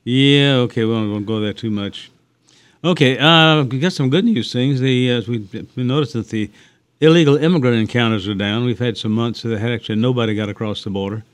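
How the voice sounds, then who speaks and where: A man's voice: medium pitch, a little fast, clean tone. A man co-hosting a radio talk show, chatting casually and rambling with fillers and restarts. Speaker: radio host.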